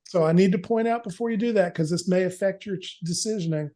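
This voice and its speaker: A man narrating as game master of a tabletop horror game, relaxed and folksy, laughing now and then. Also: high-pitched, fast talker.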